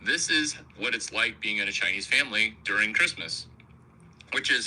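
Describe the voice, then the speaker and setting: A man's voice: lowish voice, animated, normal speed, pushed and bright, low-quality recording. A man hosting a rambling comic monologue, provocative, crude and self-mocking. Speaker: comedian host.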